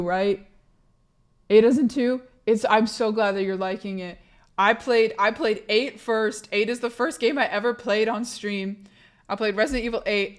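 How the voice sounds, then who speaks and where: A young woman streamer with a hoarse voice from laryngitis, chatting candidly and with swearing on a live stream, bursting louder when she greets viewers. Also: mid-range voice. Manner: candid, profane, rambling; bursts loud greeting raiders. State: sick, laryngitis. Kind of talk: casual live-stream chat.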